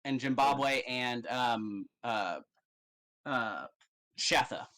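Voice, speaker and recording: Give me a man game master, unhurried and rambling, full of fillers. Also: mid-range voice, sharp tone, rough recording. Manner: loose and rambling, many fillers. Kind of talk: narrating a tabletop game.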